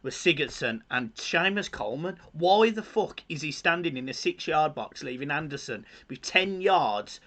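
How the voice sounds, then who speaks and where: A man with a Brummy accent co-hosting a football watch-along, reacting excitedly to the match and breaking down the defending in casual speech. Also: a little high, moderate pace, few pauses. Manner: excitable and animated in reacting to goals, swearing freely. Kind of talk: live football reaction commentary.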